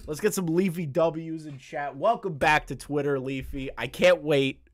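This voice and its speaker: A man's voice: a little high, unhurried. A man streaming live commentary to his chat, ranting in a crude, sarcastic way and rambling with fillers and restarts. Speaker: streamer reacting to online drama.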